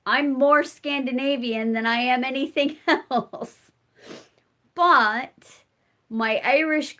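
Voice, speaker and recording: A woman's voice: fairly high pitch, a bit bright. A middle-aged American woman chatting casually on a live stream, answering viewers' comments while she spins fiber at home. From United States. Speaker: homestead vlogger hosting a live chat.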